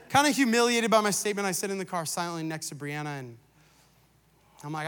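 A man in his thirties, a pastor, preaching a sermon and telling a family story, swinging between loud preaching and quiet asides. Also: sits high, normal speed, pauses often, clear, resonant tone, in a large hall. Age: 30s. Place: church.

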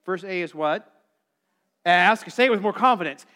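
A middle-aged male pastor preaching a sermon in a conversational, animated way, acting out quotes and calling on the congregation to answer. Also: sits high, moderate pace, clear, resonant tone. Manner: calls for congregation responses.

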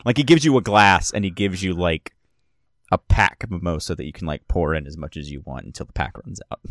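Deep-voiced man narrating a tabletop game. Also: a little fast, a bit bright, no echo, clean studio sound. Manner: descriptive, rambling with many fillers and restarts. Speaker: game master.

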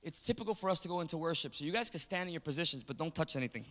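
Animated preacher in a reverberant hall. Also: male voice, on the high side, rapid-fire, few pauses. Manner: animated storytelling, calls out to the congregation. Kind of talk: sermon. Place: church sanctuary. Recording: long reverb of a large hall.

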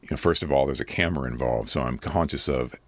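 A man with a very deep, slightly rough voice, earnest and measured, answering viewer comments in casual commentary. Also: fairly bright tone, dry recording. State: a little rough from allergies. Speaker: adult video creator answering comments.

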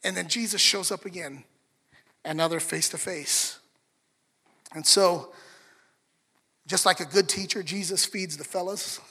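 Male pastor, sermon, bright, forceful tone, conversational and earnest, reverberant hall. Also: high voice, a little slow, long pauses, slightly rough. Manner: conversational, earnest, with restarts and asides to the congregation.

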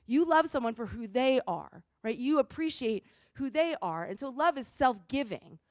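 A woman delivering a relaxed, chatty sermon with a high voice. She talks casually, tossing in "like" and "right?" to keep listeners with her. The sound is close and dry. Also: moderate pace, dry recording. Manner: casual, asks "right?" often, says "like". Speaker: preacher. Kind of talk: conversational sermon.

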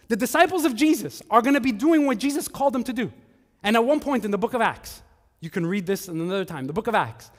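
A male pastor preaching a sermon, earnest, moving between hushed and emphatic. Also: high voice, big-room sound.

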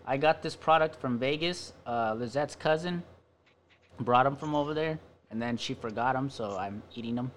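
A man's voice: mid-range voice, normal speed. A young man hosting a casual podcast, telling stories with frequent laughter and plenty of swearing. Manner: laughs often, swears a lot, animated storytelling. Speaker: podcast host. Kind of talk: casual stoner podcast chat.

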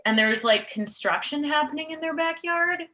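A woman co-hosting a laid-back film talk, chatty and playful as she retells scenes. Her voice is bright and forward. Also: high voice, expressive, normal speed. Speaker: podcast co-host. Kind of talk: casual movie review chat.

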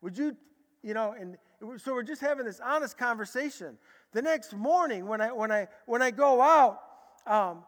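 A man preaching a sermon, telling his story in a lively way and acting out the dialogue. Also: extremely high pitch, moderate pace. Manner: animated, acts out dialogue in a lively way. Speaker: preacher giving a testimony. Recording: echoey large hall.

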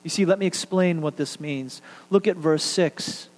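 A male pastor preaching a sermon, telling a story with animated build-ups and quiet, hushed drops for emphasis. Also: on the high side, normal speed, long reverb tail, poor audio.

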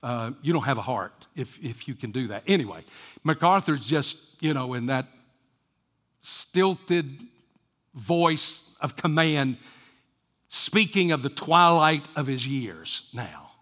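A man preaching a sermon as pastor, rising to fervent emphasis and dropping to hushed near-whispers. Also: medium pitch, animated, takes it slowly, big-room sound.

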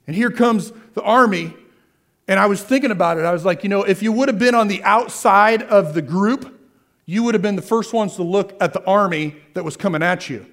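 With a voice that sits high, brisk and fairly bright, this man preaches a sermon as pastor. He keeps repeating key phrases and poses questions to the crowd, then answers them himself.

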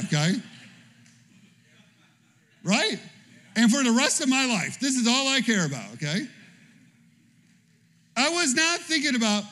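A man preaching with a lively, high-pitched voice that climbs and dips freely. He preaches casually and tells funny personal stories, often tossing out a quick "okay?" to the crowd. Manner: animated, conversational preaching with frequent "okay?". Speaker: pastor. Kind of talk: sermon.

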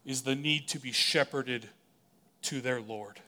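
A man pastor delivering a sermon in a conversational style, with casual asides and quick acted-out quotes. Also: medium pitch, bright, forceful tone, a little hiss or hum.

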